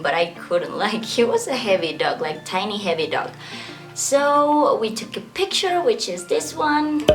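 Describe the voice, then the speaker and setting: Young woman, vlogger, casual story time, lots of "like" and laughter, faint music underneath. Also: mid-range voice. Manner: chatty, fills speech with "like" and laughs.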